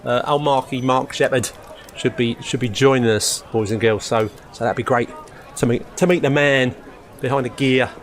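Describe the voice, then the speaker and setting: A man hosting a casual live stream, his voice sitting at an ordinary middle pitch. He chats in a rambling, chummy way, calls his viewers mate, and keeps losing his thread. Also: fairly even intonation, moderate pace, a little hiss or hum. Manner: forgetful, loses his thread.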